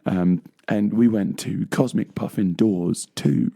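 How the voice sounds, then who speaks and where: Gravelly low-voiced young Englishman rambling. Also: slow, warm tone. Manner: rambling, laughing, full of fillers. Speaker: co-host. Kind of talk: casual chat.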